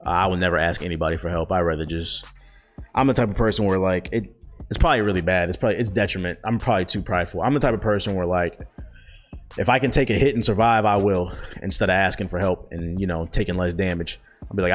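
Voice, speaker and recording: A man's voice: low-pitched, quick pace, soft background music. Casual, slangy man in his twenties. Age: 20s. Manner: loose, profane, slangy talk with many fillers. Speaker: vlogger answering viewer questions. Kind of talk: casual chat.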